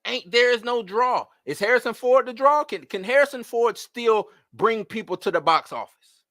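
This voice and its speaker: Live-stream host, man, bright high voice, exasperated rhetorical rant, dry close sound. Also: normal speed, no echo. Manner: animated, rhetorical questions, exasperated. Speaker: host of a live movie-news show. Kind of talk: casual live-stream commentary.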